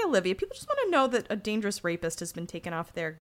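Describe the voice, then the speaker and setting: A woman co-hosting a podcast, chatting casually about a TV episode, animated and laughing, swearing freely. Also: mid-range voice, racing. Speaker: podcast co-host. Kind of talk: casual chat recapping a TV episode.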